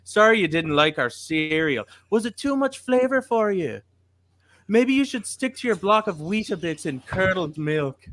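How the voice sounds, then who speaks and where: A man's voice: high-pitched, sing-song, normal speed, a bit bright, voice pushed up. A man doing a put-on Irish accent as a teasing male heckler, roasting a listener on a podcast. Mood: mocking. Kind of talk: comedic impression on a podcast.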